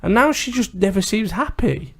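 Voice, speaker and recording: Gravelly guy, blunt and sweary podcast co-host, casual chat. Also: sits high, very animated, normal speed. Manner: blunt storytelling, swears freely.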